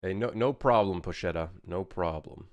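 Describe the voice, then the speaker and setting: Deep-voiced man streaming game dev. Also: normal speed, no echo. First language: French. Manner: rambling, joking, answers chat while working. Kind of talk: casual live-stream chat.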